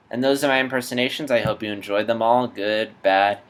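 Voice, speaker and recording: A man's voice: fairly low pitch, fairly even intonation, a little fast, few pauses, clean tone. A man hosting a casual comedy vlog with a self-deprecating, offhand manner. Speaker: vlogger.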